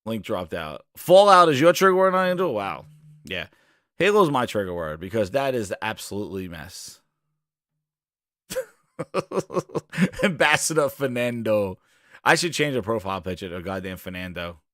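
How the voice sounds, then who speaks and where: A man's voice: on the low side, very animated, moderate pace, pauses often, a bit bright, no room sound, clean studio sound. A man hosting a casual gaming livestream, rambling and profane, sometimes breaking into joking singing. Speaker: podcast host.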